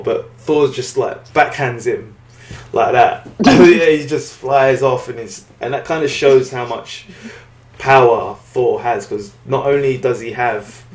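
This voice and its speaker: A British man recapping a comic book in casual chat, with lots of fillers, restarts and quick acted-out quotes. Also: mid-range voice, roomy sound. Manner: rambling recap with many fillers and restarts, acting out lines in quotes. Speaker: podcast co-host reviewing comics.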